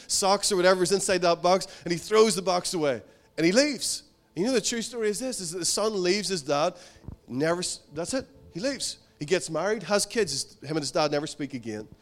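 A male pastor preaching a sermon in an earnest, conversational way, telling a story and repeating his points. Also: high voice. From outside America.

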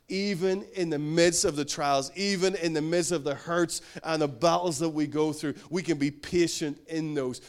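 Male pastor, middle-aged, earnest sermon delivery, voice sits a bit high, rises and falls for emphasis. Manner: earnest, builds to emphatic bursts then drops low and slow.

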